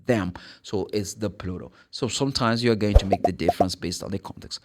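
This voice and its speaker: A man's voice: deep voice, quick pace, faint music behind. A Brazilian man in his thirties, a native Portuguese speaker, giving a casual English pronunciation lesson and repeating each sound with rising emphasis. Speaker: English teacher.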